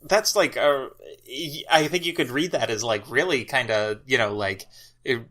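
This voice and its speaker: Man, podcast guest, reflective, halting delivery, bright clear tone. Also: mid-range voice. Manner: hesitant, lots of filler words, reflective. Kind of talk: casual discussion.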